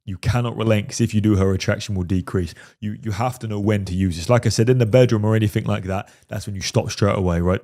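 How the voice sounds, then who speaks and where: A man's voice: lowish voice, fast talker, darkish tone. A man commenting on a film clip as a dating coach, emphatic and repeatedly checking in with "right?". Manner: emphatic, keeps asking "right?".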